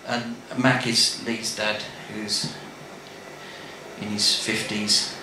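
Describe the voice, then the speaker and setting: Bright-voiced man telling a story. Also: lowish voice, slow pace. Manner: chatty, animated, addresses listener directly. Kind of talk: comic monologue storytelling. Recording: very echoey room, faint noise.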